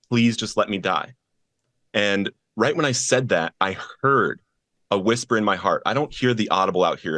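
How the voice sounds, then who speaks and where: A man's voice: on the low side, fairly bright tone, no room sound. A man as a podcast guest, earnestly telling his personal testimony and acting out the voices of the people in his story.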